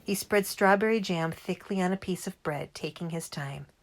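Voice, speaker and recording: A woman reading a children's book aloud in a calm, measured way. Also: lowish voice. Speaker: reader. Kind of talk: audiobook reading.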